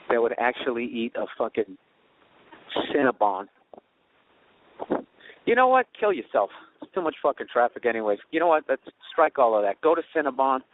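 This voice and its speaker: On a low-quality recording, a male podcast host with a high-pitched, pushed and bright voice tells a story outside on a city street. It comes out as a casual comedic monologue, a profane and sarcastic rant.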